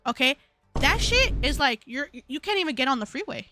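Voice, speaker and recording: A young woman hosting a live stream, telling a story in a slangy, animated way and laughing often. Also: sits high, a little fast, over music. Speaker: livestream host.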